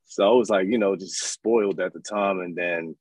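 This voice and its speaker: Animated husky man telling stories. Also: deep voice, normal speed, no room sound, poor audio. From New York. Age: 30s. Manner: animated, acts out voices in his stories. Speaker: interview guest. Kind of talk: casual storytelling.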